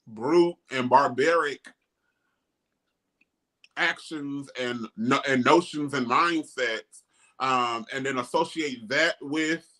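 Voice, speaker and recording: A middle-aged man hosting a casual talk show, speaking emphatically and animatedly. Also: medium pitch. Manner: animated, emphatic, quotes others in mocking voices. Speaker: host. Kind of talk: casual discussion.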